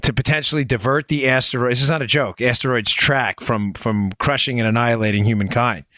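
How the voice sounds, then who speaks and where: A man hosting a casual political podcast, animated and jokey as he chats with his producer. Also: mid-range voice, a little fast, dry recording, studio quality. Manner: animated, jokey, mimics voices. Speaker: podcast host. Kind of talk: casual political talk show banter.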